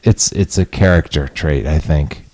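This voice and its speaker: A man in a casual podcast chat with friends, relaxed and chiming in with asides. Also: extremely low pitch, a little slow. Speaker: podcast guest or co-host.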